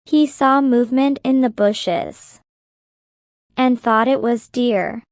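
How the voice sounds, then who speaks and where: Slow, clear woman reading a story. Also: on the high side, no room sound, clean studio sound. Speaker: narrator. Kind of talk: slow graded-reader story narration.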